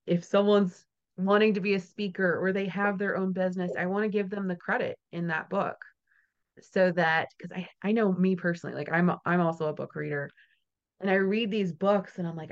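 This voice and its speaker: Chatty woman podcast host, low voice. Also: clear, resonant tone, lo-fi sound. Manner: chatty, laughs often, storytelling asides. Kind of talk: casual interview chat.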